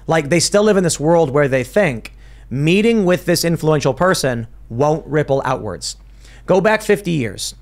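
A man hosting a casual political talk show, with a fairly high voice. He rambles with restarts and slips into mimicry now and then. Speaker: podcast host.

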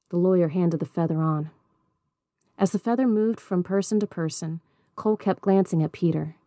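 A woman reading a novel aloud in a measured, even storybook narration. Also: lowish voice, no room sound, clean studio sound. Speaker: audiobook reader.

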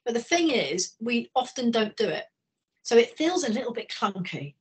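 Middle-aged woman, training session on a call, chatty storytelling, kinda breathy. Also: fairly high pitch, big pitch swings. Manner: conversational, anecdotal, speeds up and slows down. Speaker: communication trainer. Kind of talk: training talk on a video call. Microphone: video call.

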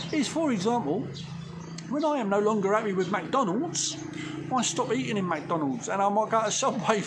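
Talking directly to his viewers, a man who owns a window cleaning business hands out blunt, cheeky advice in slangy terms. He has a high-pitched voice, and the casual outdoor vlog picks up background noise.

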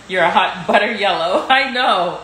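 A woman's voice: fairly high pitch, a bit bright, reverberant. A woman chatting casually with viewers on a live stream from her home kitchen, playful and laughing often, talking into her phone. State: sore neck.

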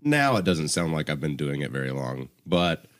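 A man with a softened Southern US accent from Alabama, telling stories in a relaxed, self-deprecating way on a casual podcast. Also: extremely low pitch, moderate pace. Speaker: podcast co-host.

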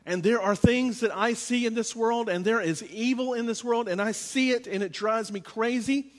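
A male pastor with a high-pitched voice delivers a sermon in a loose, conversational way, leaning on repeated phrases to drive points home. His voice rings out with the long reverb of a church sanctuary. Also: normal speed.

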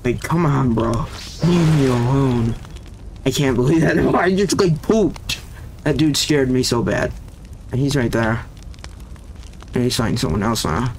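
A young man giving casual, excitable gameplay commentary, jumpy and slangy, with sudden yelps when startled. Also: mid-range voice, measured pace, pauses often, background noise. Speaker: gaming YouTuber. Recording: game music and sound effects behind voice. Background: loud game music.

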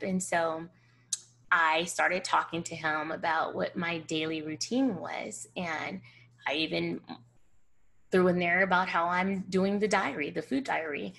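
A woman hosting a personal storytelling vlog, animated and acting out the dialogue as she tells it. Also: lowish voice, a little slow, creaky. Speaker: host.

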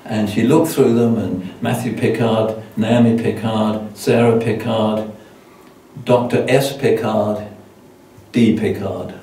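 A man's voice: on the low side, steady tone, slow, mellow. An older man preaching as a guest, telling a self-deprecating story with many restarts. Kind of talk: sermon with anecdotes. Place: church hall. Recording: echoey church hall from far off.

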